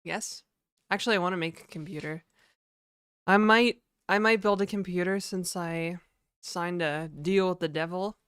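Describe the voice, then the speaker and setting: A woman's voice: fairly low pitch, steady tone, normal speed, a bit bright, clean tone, no echo, studio quality. A woman streamer chatting casually to her viewers live, venting and swearing a lot.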